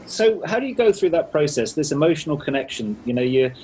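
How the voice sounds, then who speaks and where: A man's voice: a little high, sing-song, quick pace, a little mellow, a little hiss or hum, poor audio. A man hosting an interview, asking thoughtful, searching questions. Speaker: interview host.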